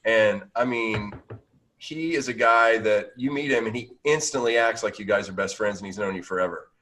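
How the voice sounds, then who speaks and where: A man hosts a casual interview over a video call, his voice sitting somewhat low. He rambles through his stories with lots of restarts and fillers. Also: moderate pace, bright, forceful tone, rough recording. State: out of breath. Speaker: podcast host.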